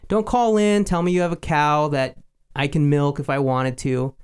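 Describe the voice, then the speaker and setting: A man's voice: fairly high pitch, steady tone, moderate pace, clean tone. A man co-hosting a radio music show, chatting casually in a joking, self-mocking way.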